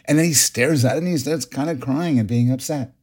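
A middle-aged man, a psychologist guest on a podcast, explaining ideas and telling stories in an animated way. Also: medium pitch, a little fast, slightly rough. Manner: explanatory, animated storytelling with restarts. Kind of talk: interview.

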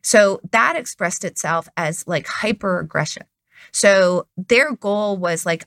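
A woman's voice: medium pitch, slow, a bit bright, no room sound, studio quality. A woman who is a poker expert, explaining strategy step by step in an analytical conversation.

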